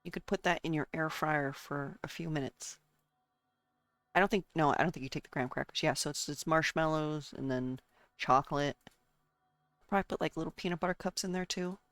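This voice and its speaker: A woman's voice: low voice, fairly quick, fairly bright tone, no echo. A woman streaming a game and chatting casually, rambling from one thought to the next and talking to her chat and herself.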